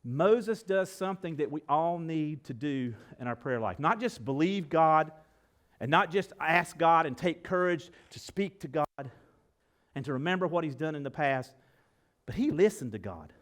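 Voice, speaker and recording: A man preaching a sermon to his congregation in a church. He talks in a folksy, animated way, swinging between loud and soft, and often asks the room direct questions. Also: on the high side, normal speed. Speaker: pastor. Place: church sanctuary.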